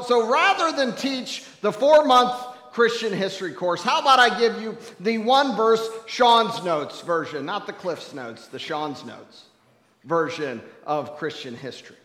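High, bright-voiced male pastor. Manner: animated, playful asides to the congregation. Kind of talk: sermon. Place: church sanctuary. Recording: echoey church hall.

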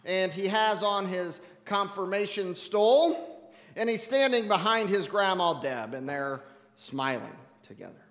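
Preacher, male, high voice, emotive storytelling, reverberant hall. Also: animated, unhurried. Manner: emotive, swings from hushed to loud. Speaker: pastor. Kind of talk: storytelling sermon. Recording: echoey hall, mic at a distance.

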